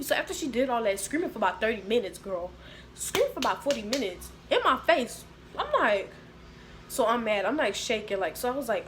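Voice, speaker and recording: A young woman telling a storytime to her viewers, animated and slangy. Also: medium pitch, fast, slight background noise. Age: young adult. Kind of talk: casual storytime.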